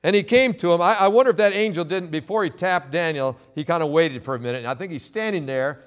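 A male pastor preaching a sermon, reading scripture and swinging between loud emphatic quotes and quiet asides. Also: fairly high pitch, fast.

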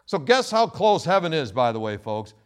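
A male pastor preaching a sermon, reading scripture and swinging between loud emphatic quotes and quiet asides. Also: on the high side, sing-song, normal speed.

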